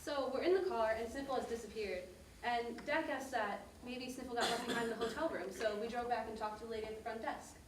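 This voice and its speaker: A woman's voice: on the high side, fast talker, background noise, lightly acted. An actor on stage playing a mother who tells her daughter a detailed family story. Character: mother recalling a family trip, warm and detailed. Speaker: narrator. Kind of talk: stage monologue. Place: theater stage. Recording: echoey stage heard from a distance.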